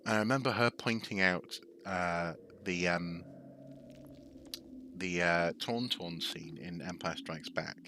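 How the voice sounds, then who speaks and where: A man's voice: sits low, takes it slowly. A man streaming a video game, chatting in a rambling, self-correcting way as he plays. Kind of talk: gameplay commentary and chat. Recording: steady background noise.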